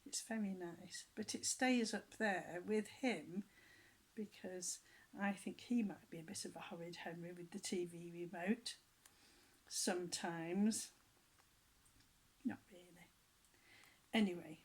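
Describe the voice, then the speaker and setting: A woman's voice: fairly low pitch, measured pace, husky, poor audio. A woman reading a children's book aloud to a child, with playful asides and stretches of whispering.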